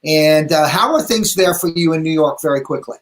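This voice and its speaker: A man's voice: on the high side, a little fast. A man hosting a casual video interview, effusive and affectionate with his guest. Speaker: host.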